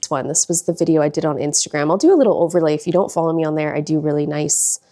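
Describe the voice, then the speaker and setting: A woman's voice: sits low, very fast, dark tone. A woman vlogger chatting casually and gushing, with lots of "like" and "um" fillers. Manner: chatty, gushing, many likes and ums. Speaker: lifestyle vlogger. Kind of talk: casual chat.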